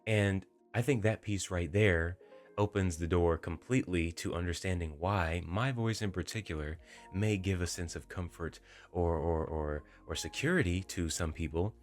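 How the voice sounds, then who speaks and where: A young man talking to his viewers in a gentle, inviting, emotive way, with deliberate pauses. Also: sits low. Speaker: voice-focused video creator. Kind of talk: reflective talk to camera. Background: faint background music.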